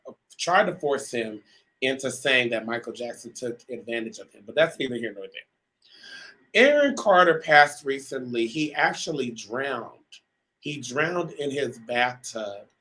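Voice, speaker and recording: Male live-show host, bright forward tone, chatty and direct with viewers, filler-heavy. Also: mid-range voice, low-quality recording. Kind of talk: live talk show monologue.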